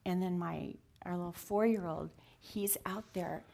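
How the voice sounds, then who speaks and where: In a confessional interview, a woman in her sixties tells her story earnestly and from the heart, sometimes sinking to a near whisper. Her voice is lowish, warm, and creaky, and she takes her time.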